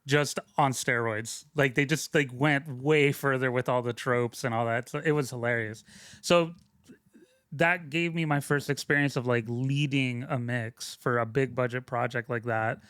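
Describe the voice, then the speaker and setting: A man's voice: mid-range voice, steady tone, normal speed, fairly bright tone, smooth, no echo. Rambling guest man, dry close mic. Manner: rambling, self-interrupting, frequent "like" fillers. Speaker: podcast guest, sound mixer. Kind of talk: casual conversational storytelling.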